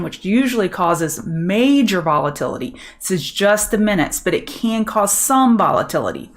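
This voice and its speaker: A middle-aged woman from Louisiana with a Southern accent, hosting a live market commentary stream in a chatty, upbeat way and answering viewers by name. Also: medium pitch. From Louisiana, USA. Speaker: trading show host.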